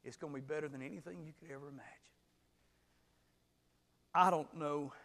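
A man preaching a sermon as pastor, swinging from hushed storytelling to shouted exclamations. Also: medium pitch, gravelly, in a large hall.

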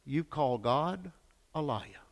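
An older man preaching a fervent sermon, swinging from hushed lines to shouted peaks and calling for answers from the congregation. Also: mid-range voice, lively intonation, slow pace. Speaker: pastor. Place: church sanctuary. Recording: echoey church hall.

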